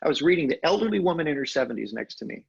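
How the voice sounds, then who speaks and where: An older man with a gravelly, husky voice tells stories as a podcast guest. His delivery is animated, with sudden lifts in pitch. The audio is dull and lo-fi. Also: rapid-fire. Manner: animated storyteller, expressive pitch jumps. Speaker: guest, hypnosis trainer. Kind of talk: storytelling in conversation.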